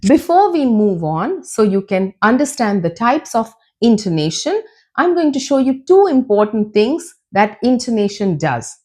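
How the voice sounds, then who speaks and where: A woman teaching an English lesson, explaining slowly and demonstrating sentences with exaggerated rises and falls in pitch. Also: sing-song, a little mellow. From Canada. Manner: slow, deliberate explaining. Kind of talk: scripted lesson.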